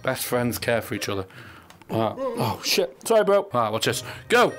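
A man with a raspy, hoarse voice from being ill, joking and swearing excitedly as he commentates a game. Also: medium pitch, normal speed, music in the background. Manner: excitable, joking, swears often, bursts of shouting. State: hoarse from illness. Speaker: gaming video host. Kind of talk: casual gameplay commentary.

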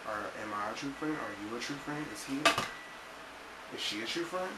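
A man's voice: mid-range voice, lively intonation, moderate pace. A young man rambling through a story about a fight with a friend, acting out the quotes in his vlog. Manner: rambling, emphatic retelling with acted-out quotes. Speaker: vlogger. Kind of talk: casual storytelling to camera. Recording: echoey room, loud ambient noise, mic far off.

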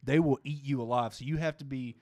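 A man's voice: mid-range voice, fairly even intonation, brisk, darkish tone, no echo, clean studio sound. A man with a thick Arkansas Southern accent, a comedian guest telling stories in an easygoing way. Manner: thick drawl, easygoing storytelling. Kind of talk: casual chat.

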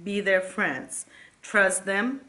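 A woman's voice: medium pitch, sharp tone. Tearful mother reading her kids' letters. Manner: tearful, tender, halting. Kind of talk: emotional casual vlog reading.

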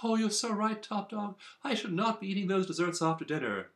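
A man's voice: high-pitched, a little fast, roomy sound, voice pushed up. A man putting on the voice of a groveling, submissive underdog who eagerly agrees with everything. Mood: fawning. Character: fawning submissive underdog, a groveling people-pleaser.

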